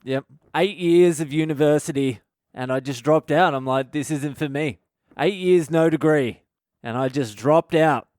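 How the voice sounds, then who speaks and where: A man's voice: fairly high pitch, normal speed, a little mellow, clean tone, no room sound, studio quality. A man, a comedian hosting his own podcast, delivering a sardonic comic monologue that is full of swearing and acted-out mock dialogues.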